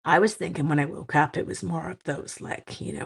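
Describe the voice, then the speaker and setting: A woman from Canada, slightly hoarse with a cracking voice, chatting casually and teasing herself as she hosts a papercraft live stream for her viewers. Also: deep voice, fairly even intonation, a little fast, few pauses, fairly bright tone. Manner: chatty, self-mocking, talks to viewers while working. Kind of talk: casual live-stream chat while crafting.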